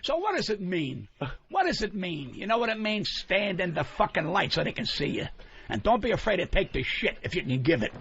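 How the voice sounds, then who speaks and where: Profane hostile older man, gravelly and lively. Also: fairly quick, slight background noise. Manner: profane, hostile, booming and combative. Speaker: guest comedian. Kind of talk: radio talk show rant. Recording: muffled radio broadcast.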